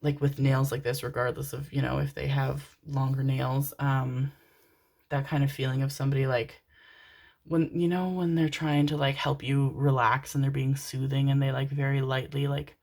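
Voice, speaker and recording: A woman's voice: very deep voice, little pitch movement, normal speed, creaky, darkish tone. A young woman giving a rambling, chatty tarot reading to her viewers, with laughs and the odd swear. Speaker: tarot card reader. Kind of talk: casual pick-a-card reading.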